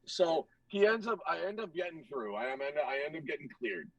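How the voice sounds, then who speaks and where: Gravelly young man telling a story. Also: on the high side, a little fast, dry recording, recorded from a distance, poor audio. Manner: animated, profane, acts out other people's lines. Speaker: hockey goaltender guest. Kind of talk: casual storytelling.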